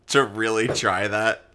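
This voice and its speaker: A man's voice: on the low side, pushed and bright. A man co-hosting a visual novel let's play, chatting casually, joking and laughing often. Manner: jokey, laughs often, rambling. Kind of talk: casual chat over gameplay.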